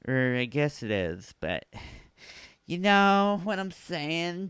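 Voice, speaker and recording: A podcast host records a casual solo show in his home basement, joking, animated, and swearing freely into a studio mic while monitoring on headphones. His fairly high voice goes slowly, with a clean tone and clean, echo-free studio sound.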